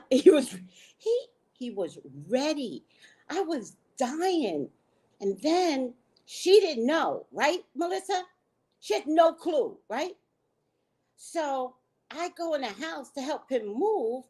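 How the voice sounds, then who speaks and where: A woman host telling a story in a casual chat, animated and laughing, salty, often checking in with "right?". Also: sits high, slow. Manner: frank, salty slang.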